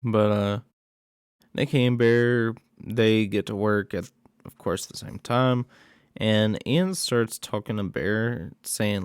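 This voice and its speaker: A man's voice: on the low side, slow, clean tone, dry recording, studio quality. A man casually recapping a horror movie plot in a rambling way, with many fillers and asides.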